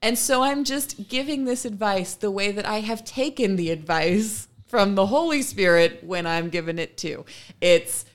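A woman co-hosting a podcast, talking through her ideas earnestly in a casual back-and-forth. She sits at a middle pitch and fills her points with quick asides. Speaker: podcast co-host. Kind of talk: casual chat.

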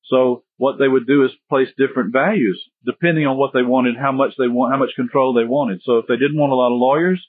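A man's voice: medium pitch, steady tone, a little fast, hardly any pauses, slightly rough, no room sound. A man giving a history lecture in a conversational, digressive way with joking asides. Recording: tinny phone-like dry sound.

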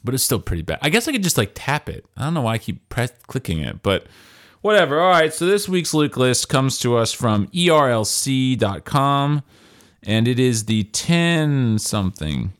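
A man's voice: mid-range voice, sing-song, moderate pace. A man co-hosting a casual podcast, rambling and chatty, reading list items aloud between stories. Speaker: podcast co-host.

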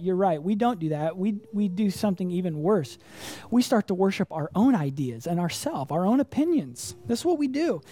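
A woman's voice: mid-range voice, dark tone. A woman preaching a sermon to a congregation, conversational and emphatic, using rhetorical questions and repetition. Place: church congregation room.

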